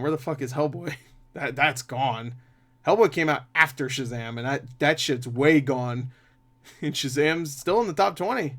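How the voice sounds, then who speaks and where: A man's voice: mid-range voice, a bit bright. A man chatting casually about box office numbers as a movie reviewer, swearing freely and laughing often.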